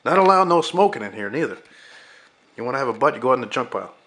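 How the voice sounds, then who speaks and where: A man voicing a loud, bullying older male junkyard boss who scolds and swears. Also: lowish voice, fairly even intonation, brisk.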